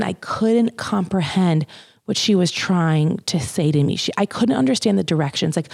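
Candid young woman, gravelly low voice. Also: darkish tone, no room sound, clean studio sound. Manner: candid, chatty, swears, quotes others in raised voices. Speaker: mother telling her birth story. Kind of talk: casual storytelling to camera.

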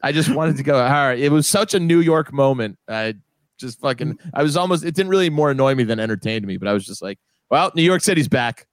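A man chatting on a podcast, easygoing and anecdotal, slipping into quick impressions as he tells a story. His voice sits at a middle pitch. The sound is dry and close, with no room around it. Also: lively intonation, no echo. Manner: storytelling, does voices of people he met. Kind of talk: casual chat. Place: New York.

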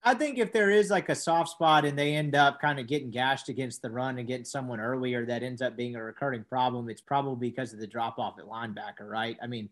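A man's voice: mid-range voice, fast talker, hardly any pauses. A man co-hosting a casual sports podcast, conversational and full of questions for his co-host.

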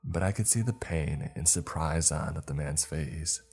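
A man with an extremely deep voice tells a horror story in a slow, measured way. His delivery is very unhurried, and faint music plays softly underneath. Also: husky. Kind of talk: scripted horror narration.

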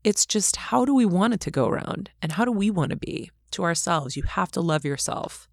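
Interview guest: woman, deep voice, dry close sound, animated storyteller who acts out quotes. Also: moderate pace, creaky, dry recording. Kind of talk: casual interview talk.

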